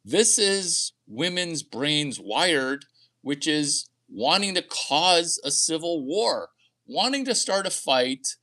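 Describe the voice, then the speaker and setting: A man's voice: on the high side, sing-song, takes it slowly, bright, forceful tone. A man talking to camera in a rambling, crude, boastful monologue, often laughing at his own jokes. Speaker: vlogger.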